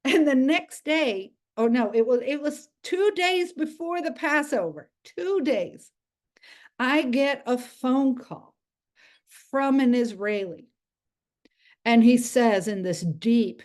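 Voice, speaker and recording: A woman with as her telling a faith story in English, halting and restarting as she acts out the voices of others. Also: fairly high pitch, a little mellow. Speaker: speaker sharing a testimony. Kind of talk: spoken testimony.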